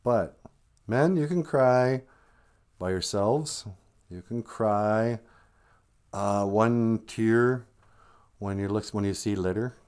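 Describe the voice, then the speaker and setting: A man's voice: on the low side, slow, pauses often, darkish tone, clean tone. A man hosting a livestream, talking in a casual, rambling monologue and joking and laughing often. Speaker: livestream host.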